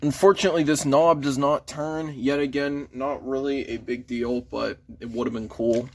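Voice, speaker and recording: A man's voice: medium pitch, little pitch movement, normal speed, a little hiss or hum. A man casually reviewing a toy figure in an easygoing, mild way, shrugging off small flaws. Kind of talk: casual chat.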